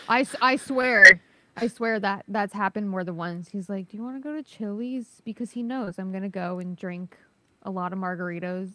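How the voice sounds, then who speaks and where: A woman's voice: mid-range voice, moderate pace, bright, forceful tone, slight background noise. A woman chatting casually on a podcast, candid and self-deprecating, often giggling between lines.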